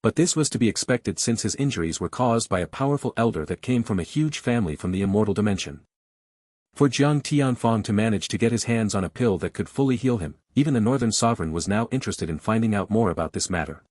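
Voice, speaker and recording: A man reading a fantasy web novel aloud in steady scripted narration, close to the mic. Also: lowish voice, quick pace, dry recording.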